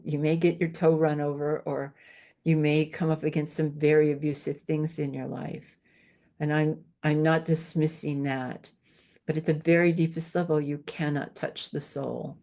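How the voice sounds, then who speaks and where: A woman's voice: sits low, dark tone. An older woman, a homeopath, speaking as a podcast guest in an earnest, reflective way, repeating key phrases for emphasis. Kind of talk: interview conversation.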